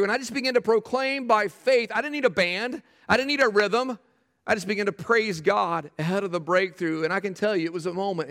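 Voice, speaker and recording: A man preaching a sermon as pastor, emphatic and animated, often repeating phrases for effect. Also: high-pitched, fairly quick, creaky, big-room sound. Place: church sanctuary.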